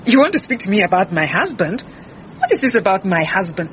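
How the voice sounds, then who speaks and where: Radio drama: an actress voicing a defensive head cook, brusque, swooping pitch. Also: female voice, very animated, a little fast, close to an everyday voice. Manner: brusque, indignant. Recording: muffled with faint hiss.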